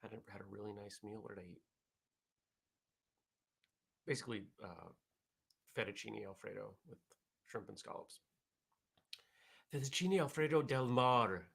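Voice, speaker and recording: A man hosting a casual morning vlog show, chatting in a relaxed, rambling way as he reads viewer comments. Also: on the low side, moderate pace, gravelly, long pauses, husky.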